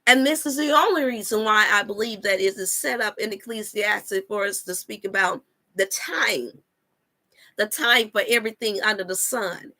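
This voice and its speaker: A woman's voice: mid-range voice, normal speed, bright, forceful tone. A woman hosting a live stream, preaching to her viewers in an emphatic, repetitive way, full of scripture and talk to "y'all". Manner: addresses viewers as y'all and you all. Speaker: wellness coach and channel host.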